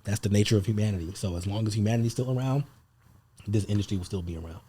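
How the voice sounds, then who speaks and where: A man's voice: lowish voice, very fast, slight background noise. A man talking casually as a podcast guest about his business, rambling with lots of fillers. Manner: relaxed, rambling, many fillers. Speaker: guest, paternity testing business owner. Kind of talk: casual interview talk.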